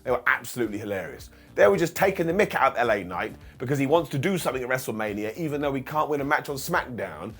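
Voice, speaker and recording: A man's voice: mid-range voice, very animated, quick pace, few pauses, fairly bright tone, husky, soft background music. A man reviewing a wrestling show in a casual, sarcastic recap, acting out quotes in funny voices.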